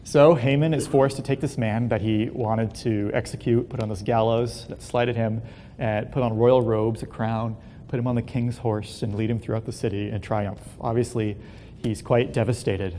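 A man telling a Bible story as a relaxed, casual lesson, full of fillers and joking asides. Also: normal speed. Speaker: Bible teacher. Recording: long hall reverb, faint rumble.

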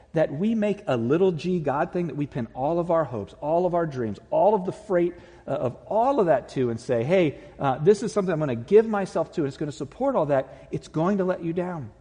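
A man's voice: on the high side, lively intonation, normal speed, few pauses, mellow, slightly rough. A man preaching a sermon as pastor in a church, earnest and conversational with touches of humor. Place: church sanctuary. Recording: reverberant church hall.

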